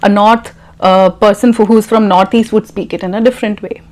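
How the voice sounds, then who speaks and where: A woman's voice: mid-range voice, fairly even intonation, fairly quick, darkish tone. A woman with an Indian English accent, teaching English pronunciation to camera and repeating words as drills. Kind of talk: direct-to-camera lesson.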